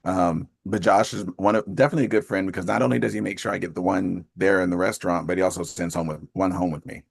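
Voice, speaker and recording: A man's voice: low-pitched, steady tone, fast, creaky, breathy edge, no echo, clean studio sound. A man in his fifties hosting a group call, chatting casually in a rambling way and laughing often. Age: 50s. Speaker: host of an accountability call.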